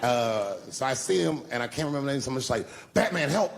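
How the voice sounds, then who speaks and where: Stand-up comic, middle-aged man, mid-pitched gravelly voice, profane and animated, faint hiss behind him. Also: fast. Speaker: stand-up comedian. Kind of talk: stand-up storytelling. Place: live stage before an audience.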